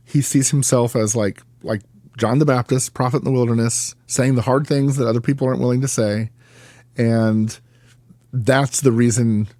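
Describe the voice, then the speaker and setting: A man talking as a guest on an interview podcast, measured and thoughtful with frequent fillers. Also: mid-range voice, warm tone, no echo. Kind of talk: interview conversation.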